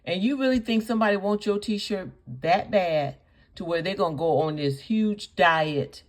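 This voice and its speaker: A woman with a mid-range voice speaks at normal speed as she hosts reaction commentary. Indignant and scolding, she fires off one rhetorical question after another and hammers home her points by repeating them.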